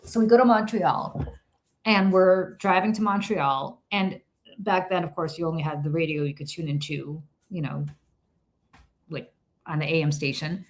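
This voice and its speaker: A middle-aged woman co-hosting a talk show, telling an animated story with laughs and some swearing. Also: low-pitched, normal speed. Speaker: podcast co-host. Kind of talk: casual chat.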